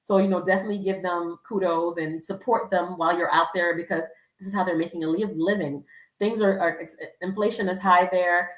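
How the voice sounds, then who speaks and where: A woman's voice: on the low side, fairly even intonation, brisk, reverberant, far from the mic, rough recording. A woman giving casual travel advice as a vlogger, chatty with lots of fillers, acting out quoted voices.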